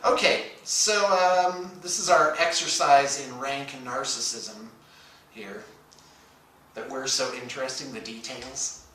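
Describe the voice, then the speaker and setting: A man co-hosting a casual morning chat, full of dry self-mocking jokes and stop-start pauses. His voice is bright and lively in tone. He sits back from the microphone in a strongly echoing room. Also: medium pitch, slight background noise. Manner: dry, self-mocking humor with frequent hesitations. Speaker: radio show co-host. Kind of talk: casual banter. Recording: echoey room, distant from the mic.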